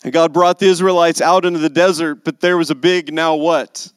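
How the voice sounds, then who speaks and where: A male pastor delivering a sermon in a slightly higher voice, pressing his points with mounting intensity. The sound is dry and close, with no room echo. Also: steady tone, fairly quick, few pauses, clear, resonant tone. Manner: rising to emphatic intensity on key lines.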